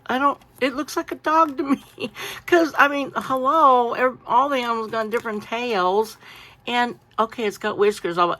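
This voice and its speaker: A woman's voice: fairly high pitch, normal speed. Chatty woman showing off a craft haul. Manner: chatty, animated, many asides and fillers. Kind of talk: casual show-and-tell haul.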